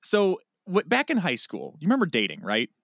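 A man's voice: fairly high pitch, wildly swooping pitch, fairly quick, gravelly, fairly bright tone, dry recording, clean studio sound. A young man co-hosting a podcast in casual chat, playful and teasing, often restarting his sentences. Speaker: podcast co-host.

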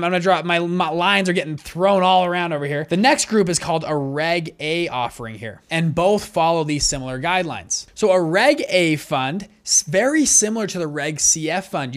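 A man with a somewhat high voice teaches investing at a whiteboard. He talks in a brisk, conversational way and often restarts his sentences as he explains. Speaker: fund manager teaching investors. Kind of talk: whiteboard lesson.

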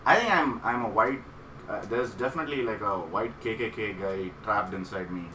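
A man's voice: lowish voice, moderate pace, pushed and bright. A man telling a long rambling story in casual chat, often laughing and stumbling over words. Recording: roomy, distant mic with background noise.

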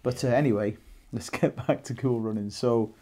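A man's voice: mid-range voice, normal speed, warm tone. A Welsh man in his thirties co-hosting a casual film podcast, chatty and rambling, laughing often. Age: 30s. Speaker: podcast co-host.

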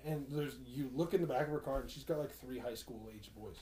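Fast-talking rowdy young man, echoey room. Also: medium pitch. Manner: rowdy, swears a lot, acts out quotes loudly. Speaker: podcast co-host. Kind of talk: casual chat.

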